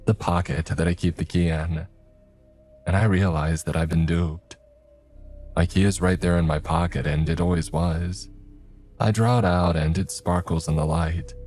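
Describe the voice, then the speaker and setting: A man narrating a first-person horror story in a tense, gruff manner. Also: low-pitched. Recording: soft music underneath.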